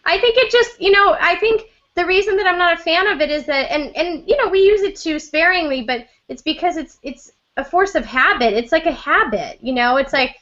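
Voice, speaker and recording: A woman's voice: extremely high pitch, animated, fairly quick, hardly any pauses, fairly bright tone, muffled recording. A woman hosting a casual conversation, reflective and chatty, with lots of "you know" fillers. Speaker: host.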